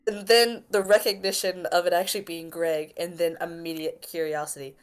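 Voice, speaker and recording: A woman's voice: on the low side, moderate pace, clear, resonant tone. A woman playing a tabletop game, animatedly describing her character's reactions. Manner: animated, exclamatory. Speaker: player.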